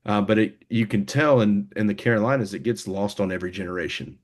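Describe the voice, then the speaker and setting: A man's voice: on the low side, fast. A young man, a band member, talking casually in an interview, rambling with many fillers and restarts. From United States.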